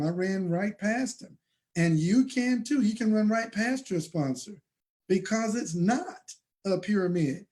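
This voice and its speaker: A man's voice: high voice, darkish tone. A man giving an emphatic, preachy motivational talk on a live stream from his home office desk, repeating phrases for effect. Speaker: network marketing promoter.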